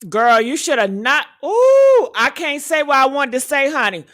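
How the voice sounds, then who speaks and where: A woman's voice: sits high, fairly quick, bright, forceful tone, dry recording, clean studio sound. A woman hosting gossip commentary, sassy and dramatic, calling her listeners honey and baby. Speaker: commentary host.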